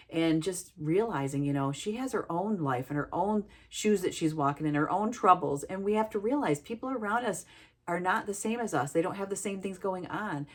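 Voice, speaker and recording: A middle-aged woman, a healthcare worker, giving an earnest, heartfelt reflective talk about listening. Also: fairly low pitch.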